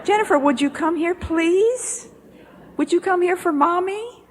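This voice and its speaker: A woman voicing an exasperated young mother who keeps pleading with her toddler, recorded in an echoey hall with faint hiss. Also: a little slow. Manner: pleading, repetitive, shrill.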